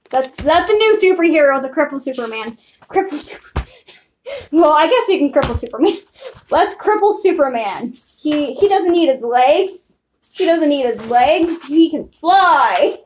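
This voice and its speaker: A woman's voice: high voice, slight background noise. A young woman on a casual live stream, talking through her old drawings in a giggly, self-mocking ramble.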